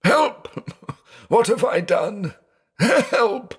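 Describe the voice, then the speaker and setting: A man's voice: deep voice, lively intonation, measured pace. A man voicing a terrified old blind man who reasons anxiously, then breaks into frantic shrieks. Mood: shrieking. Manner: fearful, rising to frantic shrieks.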